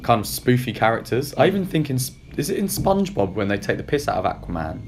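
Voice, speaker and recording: A man with a slightly croaky voice, hosting a casual film review podcast in a relaxed, chatty way. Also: medium pitch, fast talker. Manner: relaxed, chatty, self-deprecating. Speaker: podcast host. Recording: faint background noise.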